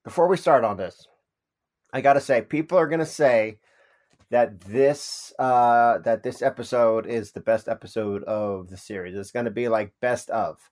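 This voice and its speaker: Man, 40s, podcast co-host; animated, joking banter, mid-pitched. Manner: animated, joking, quick asides. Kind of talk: casual chat.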